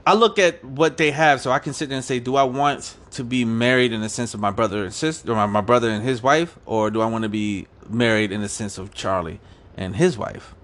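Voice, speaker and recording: A man's voice: mid-range voice, a little fast. A man co-hosting a casual chat, telling stories in slangy speech, swearing freely and acting out the dialogue he quotes. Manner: animated storyteller, acts out quoted dialogue, laughs often. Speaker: podcast co-host.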